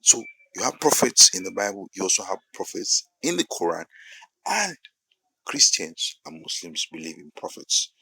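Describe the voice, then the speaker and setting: A man with a Nigerian English accent preaching a sermon-style monologue, repeating phrases for emphasis and building to loud peaks. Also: sits low, big pitch swings, moderate pace, creaky, breathy edge, dry recording, low-quality recording.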